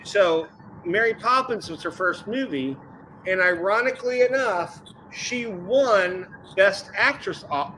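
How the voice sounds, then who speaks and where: A man's voice: high-pitched, animated, takes it slowly, sharp tone, slight background noise, rough recording. A man in his fifties chatting casually on a geek talk stream, rambling, playful and often correcting himself. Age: 50s. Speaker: panelist on a geeky chat stream. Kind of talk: casual chat.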